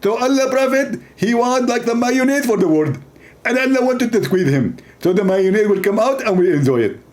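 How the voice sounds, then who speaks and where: A man's voice: very high-pitched, expressive, normal speed, darkish tone, voice pushed up. A man voicing a smug, self-important male preacher in a mocking impression, pompous and evasive. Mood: smug preaching. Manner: pompous, repeats a stock opening phrase.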